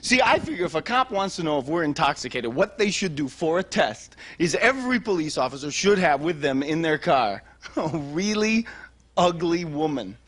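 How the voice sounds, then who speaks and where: A man doing a stand-up comedy routine on a TV studio stage, talking in a rapid, goofy way and chatting with the crowd. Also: on the high side, very animated, fairly bright tone, slight background noise. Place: TV studio stage with live audience.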